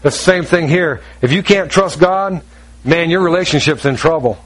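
A pastor delivering a sermon with a notably high voice for a man. He is middle-aged and folksy, joking with his listeners and acting out bits of conversation as he goes. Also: normal speed, poor audio. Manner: folksy and joking, acts out dialogue.

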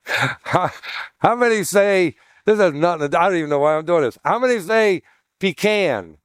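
A pastor in a sermon, teaching in a chatty way, with joking asides and questions for the congregation. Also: male voice, high voice, animated, normal speed, pauses often, smooth, dry recording, studio quality. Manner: chatty, jokey asides, asks the room questions.

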